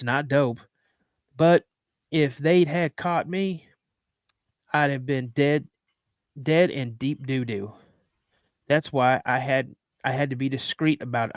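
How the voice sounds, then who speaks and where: A middle-aged man talks with a fairly high voice in a dry, close sound. He hosts casually, joking and rambling, often restarting his sentences as he reads a story aloud. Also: no echo. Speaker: podcast host. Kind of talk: casual chat and reading a listener's story aloud.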